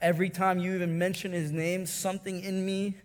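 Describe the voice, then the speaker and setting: A man with a high voice preaching in a church hall, telling a story with his feelings running high. He swings from hushed, tender lows to loud, stirred peaks and stumbles over repeated words. His voice carries a long reverb through the room. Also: little pitch movement, brisk. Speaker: pastor. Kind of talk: sermon.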